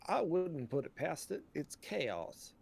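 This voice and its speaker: A player voicing a formal, apologetic male adventurer in a low voice. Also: big pitch swings, slow pace, gravelly, breathy edge, heavily acted. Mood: polite.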